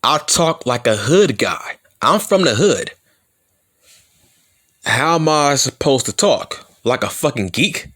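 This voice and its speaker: A man's voice: mid-range voice, animated, takes it slowly, fairly bright tone. A man from California with slurred, mushy speech and stutters, ranting as a wrestling vlogger in a taunting, profane heel-style promo. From Compton, California. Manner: taunting, combative, swearing often.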